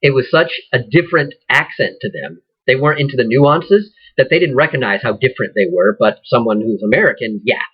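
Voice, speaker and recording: A man's voice: mid-range voice, animated, brisk, few pauses, slightly rough. A man teaching an acting class in a casual, conversational way, thinking aloud and often restarting sentences. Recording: dull lo-fi recording.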